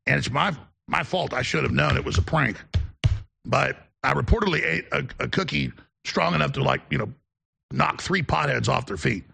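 Guy hosting a show, super gravelly voice, kinda husky, rambles off on tangents. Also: medium pitch, moderate pace, bright, forceful tone. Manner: rambling, digressive anecdotes. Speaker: show host. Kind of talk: casual on-air storytelling.

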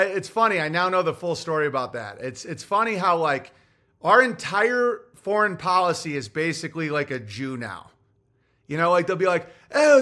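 A man's voice: on the high side, sharp tone. A man hosting a podcast, ranting in a casual, profane monologue as he tells a heated story. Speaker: podcast host.

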